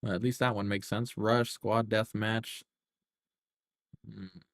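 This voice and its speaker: A man's voice: lowish voice, flat delivery, takes it slowly, creaky, fairly bright tone, no echo. A young man streaming a game live, chatting casually and cursing as he thinks aloud through the menus. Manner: profane, rambling, thinking aloud while scrolling menus.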